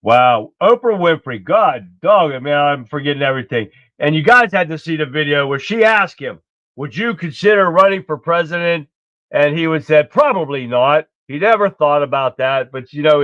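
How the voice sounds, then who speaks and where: A man's voice: fairly high pitch, moderate pace, a bit bright, no echo. Indignant male livestream host, lo-fi audio. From United States. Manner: blunt, indignant, rambling, swears freely. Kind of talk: casual political commentary. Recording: dull lo-fi stream audio.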